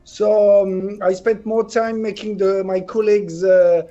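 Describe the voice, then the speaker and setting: French man, native French, high voice, hesitant non-native English, lo-fi interview audio. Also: little pitch movement, warm tone, soft background music. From France. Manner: halting, searching for English words. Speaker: actor, interview guest. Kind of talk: casual interview answers.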